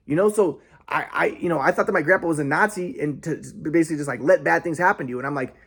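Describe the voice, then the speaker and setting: A man's voice: fairly high pitch, fast talker, hardly any pauses, fairly bright tone, breathy edge. A young man telling a rambling personal story in a casual monologue, with many restarts and quoted asides.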